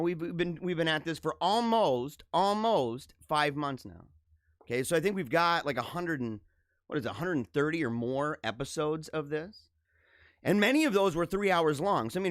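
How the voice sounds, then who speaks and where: A man's voice: a little high, fairly bright tone, dry recording, clean studio sound. A middle-aged man hosting his own live show, talking casually in a joking, emotional way with many restarts. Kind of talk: casual live-stream monologue.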